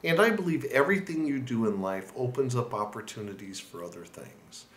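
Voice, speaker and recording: A man's voice: mid-range voice, lively intonation, brisk, reverberant, slight background noise. A man with an American accent giving earnest, conversational tips to learners as a lesson host. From United States. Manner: earnest, conversational, with restarts and asides. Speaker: language-learning video host. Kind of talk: encouraging talk to camera.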